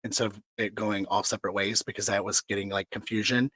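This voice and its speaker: A man co-hosting a casual talk show, chatty and excitable, often jumping up in pitch. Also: quick pace, husky, dry recording. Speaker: co-host.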